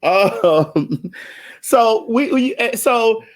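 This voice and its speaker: A woman hosting a live-streamed comedy talk show, loud, brash and profane, hollering at her audience. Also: on the high side, expressive, drawn-out words. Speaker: host.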